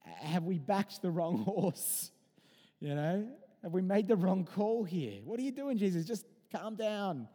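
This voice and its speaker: A man's voice: high-pitched, very animated, unhurried, mellow, in a large hall, pitched above the performer's own voice, full character voice. A man voicing an exasperated male disciple who fires agitated questions at his teacher. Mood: exasperated pleading.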